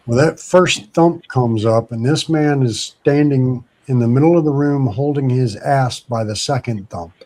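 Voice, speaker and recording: A man tells a story in a relaxed, easygoing way and slips into the people's voices when he quotes them. His voice is mellow and dark. It sounds like casual podcast talk. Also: medium pitch, measured pace, hardly any pauses. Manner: animated anecdote telling with acted quotes.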